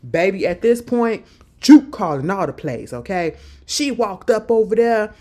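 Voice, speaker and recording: Animated woman recapping a TV show in slang. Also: mid-range voice, unhurried. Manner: animated, slangy storytelling that acts out the characters' lines. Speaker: TV episode recapper. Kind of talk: casual recap of a TV episode.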